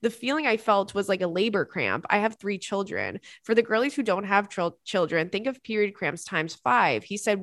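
A woman's voice: mid-range voice, expressive, moderate pace, fairly bright tone, dry recording, studio quality. A woman hosting a podcast, reading a listener's story aloud and reacting with laughter and dramatic asides. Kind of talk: casual chat.

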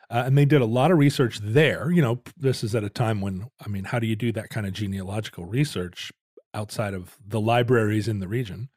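A man's voice: lowish voice, normal speed, a little mellow, dry recording. A middle-aged man casually telling a rambling family story with dry jokes on a podcast.

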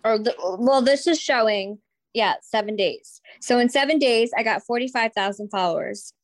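Young female co-host, sarcastic and teasing, somewhat high voice, dry close sound. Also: normal speed, no echo. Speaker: podcast co-host. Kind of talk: casual chat.

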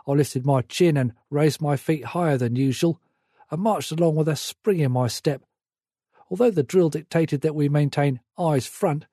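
Mellow, reflective male narrator. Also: fairly high pitch, no echo, clean studio sound. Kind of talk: audiobook memoir narration.

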